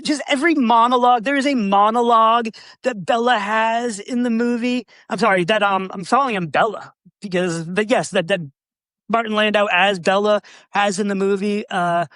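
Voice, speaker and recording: A man co-hosting a casual movie podcast. He laughs often and acts out quoted lines in animated voices. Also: sits high, normal speed, no echo. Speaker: podcast co-host.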